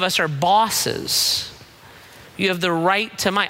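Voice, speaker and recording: A middle-aged male pastor preaching in a slow, deliberate rhythm. His tone is bright and forceful. He leans hard into emphasis and acts out quoted voices with playful energy. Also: sits high, fairly even intonation. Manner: emphatic, acts out God and people in quoted lines. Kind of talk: sermon.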